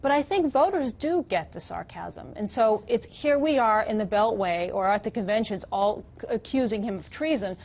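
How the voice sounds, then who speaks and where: A middle-aged woman journalist on a TV panel, giving her opinion in an assured, animated way. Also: mid-range voice, normal speed, few pauses, lo-fi sound. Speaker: political journalist. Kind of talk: TV panel discussion.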